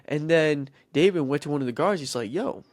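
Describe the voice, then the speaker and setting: A man's voice: a little high, brisk, no echo, studio quality. A man hosting a podcast, retelling a Bible story casually with rambling, goofy asides and self-interruptions. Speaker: podcast host.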